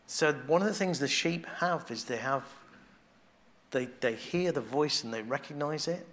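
Slightly high-voiced man preaching conversationally. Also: normal speed. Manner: conversational, thinking aloud with restarts and soft asides; drops to a quiet, intimate tone on devotional points. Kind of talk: sermon.

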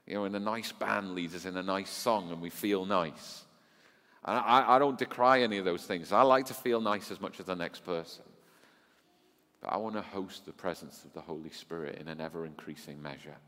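A man preaching a sermon to his congregation, animated and teasing, swinging between quiet remarks and loud exclamations. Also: lowish voice. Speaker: pastor. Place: church hall with long reverb. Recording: long hall reverb.

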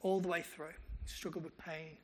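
A man's voice: fairly high pitch, normal speed. A male pastor, preaching a sermon and telling stories with quoted dialogue. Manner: animated storytelling with quoted dialogue.

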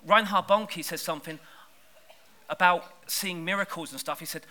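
A man preaching a sermon in church, lively and conversational, pushing hard on key words. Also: high-pitched, normal speed. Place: church service.

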